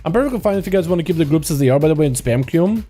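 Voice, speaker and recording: Over soft background music, a young man livestreams games in a slightly high, animated, mellow voice at a very fast clip. He's a native Russian speaker with a light accent, easygoing and talkative, peppering speech with "yo," "dude," and "boys."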